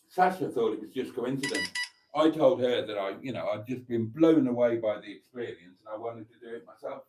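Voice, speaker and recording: Mellow, middle-pitched male host, rambling and teasing in casual chat. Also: normal speed, poor audio. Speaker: host of a live stream.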